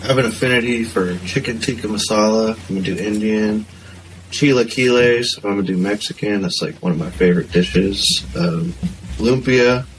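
A man's voice: on the low side, normal speed, low-quality recording. A man guesting on a podcast in casual chat, easygoing and jokey, laughing a lot. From Philippines heritage. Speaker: guest, band member. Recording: noticeable background noise.

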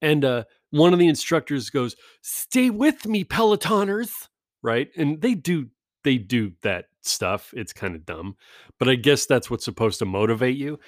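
A man's voice: medium pitch, moderate pace, dry recording, studio quality. A man in a casual rambling monologue, ranting and self-deprecating, swearing often.

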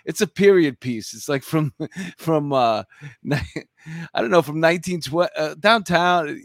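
A man with a thick New York accent, chatting loosely and laughing often. His voice sits a little high for a man. It is recorded close and dry, with no room sound. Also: a little slow, no echo. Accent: heavy New York. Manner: chatty, laughs easily, many fillers. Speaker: co-host. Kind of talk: casual podcast chat.

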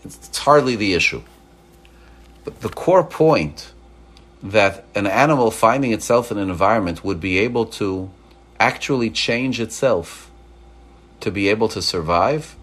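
A man teaching a religious class as an animated storyteller who acts out quoted dialogue. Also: fairly low pitch, a little slow, long pauses. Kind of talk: Torah class lecture.

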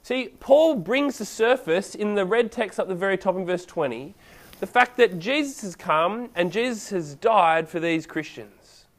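A man delivering a sermon in a relaxed, story-driven way. His voice sits high for a man. He keeps it conversational and lively. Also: unhurried. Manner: casual, animated storytelling. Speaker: preacher.

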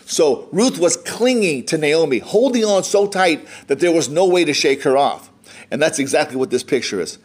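A man's voice: a little high, expressive, normal speed, breathy edge. An American man preaching a sermon, reading scripture aloud and explaining it in a conversational way. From United States. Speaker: pastor.

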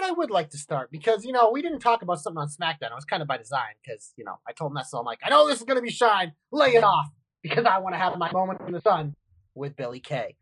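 A woman co-hosting a casual wrestling podcast, animated and blunt, with quick asides and casual swearing. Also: on the low side, husky, no room sound, rough recording. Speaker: podcast co-host.

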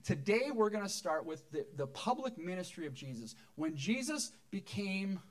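A man's voice: high-pitched, big pitch swings, moderate pace. A man preaching a sermon in a church, talking to the congregation in a conversational, joking way. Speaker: pastor.

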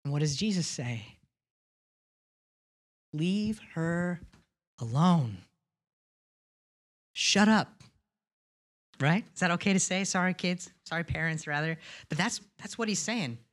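A woman's voice: on the low side, animated, a little fast. A woman pastor preaching a sermon in an earnest way, often restarting and repeating words and asking the congregation questions.

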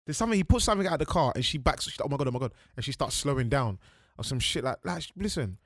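Dude co-hosting, animated mocking rants, dry mic. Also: male voice, on the high side, very fast, no echo. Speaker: podcast co-host. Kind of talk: casual banter.

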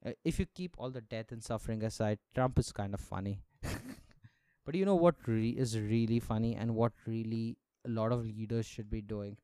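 A young man rants through his solo podcast, sarcastic and full of swearing, laughing as he goes. His voice is mellow and smooth, recorded dry and close. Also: lowish voice, normal speed, dry recording. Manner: sarcastic, profane, laughs often. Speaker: podcast host. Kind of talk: casual solo podcast rant.

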